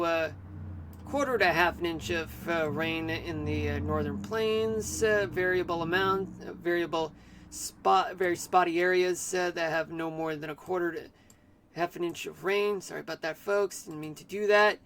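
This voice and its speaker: A man streaming live, giving an amateur weather forecast in a halting way with many fillers and restarts. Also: fairly high pitch, steady tone, fairly bright tone, slight background noise.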